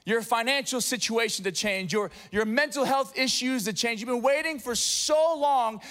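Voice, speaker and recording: A man with a high, bright pitch preaches to his congregation in a church. He tells stories with energy, dropping low and quiet, then rising loud. He sounds like a pastor in his thirties. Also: moderate pace. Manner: animated storytelling, swinging from hushed to loud. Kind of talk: sermon. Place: church sanctuary.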